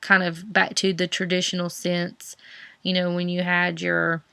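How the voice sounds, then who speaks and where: A woman's voice: lowish voice, completely flat delivery, a little slow, vocal fry, bright, forceful tone, clear, resonant tone, dry recording. A young woman with a Southern US accent, chatting casually about books on her vlog, rambling with many fillers and restarts. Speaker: book vlogger. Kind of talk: casual chat.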